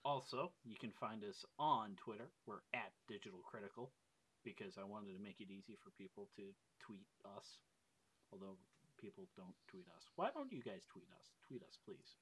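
Male podcast host, casual and jokey, bright tone with a lively pitch. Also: moderate pace, slightly rough, low-quality recording. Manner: animated, jokey, laughs often.

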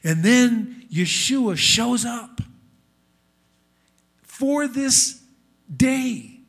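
Earnest high-voiced male preacher. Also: expressive, extremely slow, creaky, fairly bright tone. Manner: earnest, rising and falling preaching delivery. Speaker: messianic congregation teacher. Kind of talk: sermon. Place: congregation hall with screen.

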